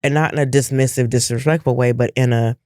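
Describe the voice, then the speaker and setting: A man's voice: medium pitch, fairly even intonation, fast, darkish tone, clear, resonant tone, no room sound, clean studio sound. A middle-aged man co-hosting a casual podcast chat, reflective and emphatic, firing off rhetorical questions. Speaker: podcast co-host.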